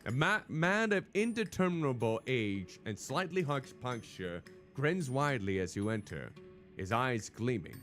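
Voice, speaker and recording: Male streamer narrating game text, unhurried and expressive, soft music behind. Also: medium pitch. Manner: theatrical narration, joking asides. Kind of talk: reading game text aloud and commenting on a stream.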